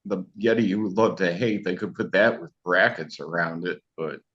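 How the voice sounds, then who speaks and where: A man's voice: deep voice, normal speed, fairly bright tone, dull audio. A man hosting a casual interview, joking and teasing the guest. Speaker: host. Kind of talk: casual chat.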